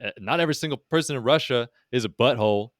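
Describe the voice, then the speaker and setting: A man's voice: mid-range voice, fast talker, no room sound, clean studio sound. A man co-hosting a podcast in casual, playful banter with goofy interjections. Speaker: podcast co-host and streamer.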